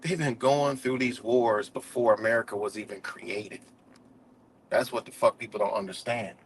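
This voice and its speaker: A man's voice: lowish voice, fairly even intonation, normal speed, a little hiss or hum, low-quality recording. A man hosting a live stream, ranting heatedly and profanely, with a lot of "you know" between points. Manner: says "you know" often. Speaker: livestream host. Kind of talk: casual live-stream commentary rant.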